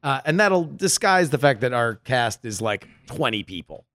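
A man's voice: medium pitch, very animated, moderate pace, fairly bright tone. Playful mock-indignant man chatting. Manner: playful, mock-indignant banter, enthusiastic recommendations. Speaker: podcast co-host. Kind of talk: casual comedic chat.

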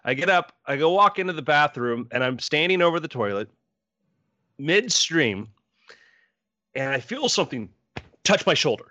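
Man, animated storyteller, bright and bouncy delivery, dry lo-fi sound. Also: on the high side, moderate pace, pauses often, dry recording. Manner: animated, acts out quoted voices. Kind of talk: casual storytelling chat.

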